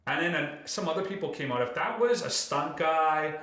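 Man, podcast host, casual chat, animated profane rant, slightly high voice, roomy echo. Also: moderate pace.

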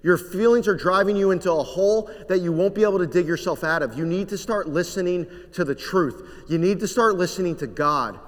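A man preaching a sermon, earnest and measured, letting his voice sink to a quiet hush on the weightier lines. His voice sits a little high for a man. A long reverb trails every phrase, as in a large sanctuary. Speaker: pastor.

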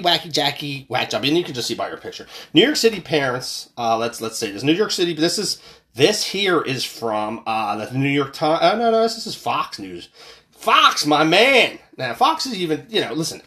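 A man's voice: fairly high pitch, very animated, normal speed, bright, forceful tone. Profane, fired-up man ranting on a podcast. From United States. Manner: profane, angry, ranting with sarcastic outbursts. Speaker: podcast host. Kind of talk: casual political rant.

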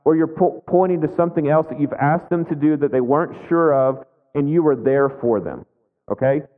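Pastor guy, 30s, chatty sermon, kinda high voice, tinny sound w/ big hall echo. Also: normal speed. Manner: conversational, frequent "right?" asides. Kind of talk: sermon with personal story. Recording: phone-like audio with long hall reverb.

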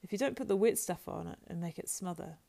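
A woman's voice: on the low side, animated, fast talker, creaky, dark tone. A woman voicing a practical, stout-hearted young male hobbit who talks bluntly and scolds in a homely way, in an audiobook. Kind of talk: audiobook character voice.

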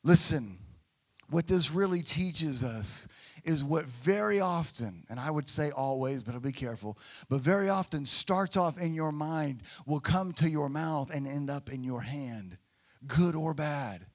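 A man preaching a sermon as a pastor, swinging from hushed, quiet passages to loud, emphatic ones and acting out the voices of people he quotes. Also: a little high, animated, a little slow.

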